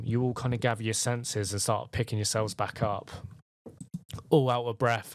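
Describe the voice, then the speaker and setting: A man's voice: lowish voice, a little hiss or hum. A man narrating a tabletop game as game master, rambling with many fillers.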